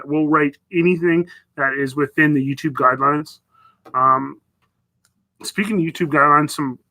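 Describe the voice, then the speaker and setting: A livestream host from the Northwest Territories in northern Canada rambles and chats casually while reading viewer messages. His voice is fairly high, pushed and bright, and the recording is rough.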